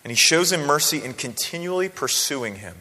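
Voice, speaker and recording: A male pastor delivering a sermon in a relaxed, conversational way, tossing rhetorical questions at the congregation. His voice sits high and bright. It rings out with a long reverb, as if in a large church sanctuary. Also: fairly quick. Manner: conversational, animated, frequent rhetorical "right?".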